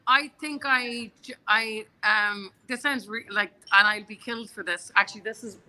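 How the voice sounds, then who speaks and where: Chatty Irish woman with bright voice. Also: a little high, fairly even intonation, normal speed, low-quality recording. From Ireland. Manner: chatty storyteller, many restarts. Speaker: bar co-owner, guest. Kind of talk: casual interview chat.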